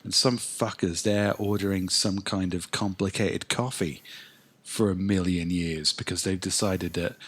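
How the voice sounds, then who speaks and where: A man's voice: low voice, fairly even intonation, unhurried, fairly bright tone, slightly rough. A man with an English accent, co-hosting a podcast in casual, sweary, wry banter. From England. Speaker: podcast co-host. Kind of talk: casual comedic chat.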